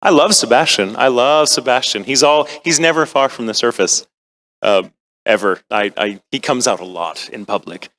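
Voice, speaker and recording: A middle-aged American man with a bright, forward voice talks to a convention crowd about acting. He rambles, makes fun of himself and slips into playful quoted asides. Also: medium pitch, normal speed. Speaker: voice actor at a convention panel. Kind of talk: casual panel talk to fans.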